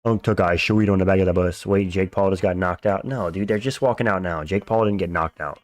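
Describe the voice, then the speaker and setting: A man's voice: deep voice, fairly quick, no room sound. A man hosting a livestream, chatting casually in slang while reacting to fights and thanking viewers for donations. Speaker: livestream host. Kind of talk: casual live fight-watch commentary.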